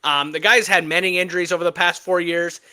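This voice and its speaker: Sports podcast co-host, male, high and bright, playful and emphatic. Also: a little fast. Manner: animated, joking, emphatic trash talk. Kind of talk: casual sports podcast chat.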